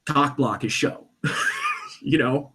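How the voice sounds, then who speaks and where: Man, fairly high voice, lively swooping pitch, casual storytelling, mimics the people he quotes. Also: very slow. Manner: animated, acts out quoted voices. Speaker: podcast guest; stage performer.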